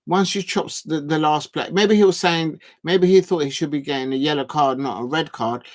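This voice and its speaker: A man's voice: a little high, steady tone, brisk. A man, chatting casually on a live football watch-along stream, rambling and drawing out words as he types.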